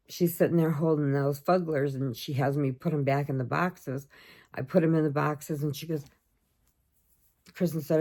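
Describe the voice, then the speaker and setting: Middle-aged woman vlogger, low-pitched, chatty storyteller, casual to camera. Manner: chatty storyteller, animated quoting of others. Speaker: crochet vlogger.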